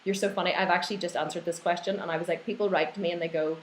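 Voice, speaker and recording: A woman fitness coach hosting a live Q&A, reading out viewer questions and going off on animated rants. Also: lowish voice, rapid-fire, echoey room, slight background noise, poor audio. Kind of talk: live online Q&A.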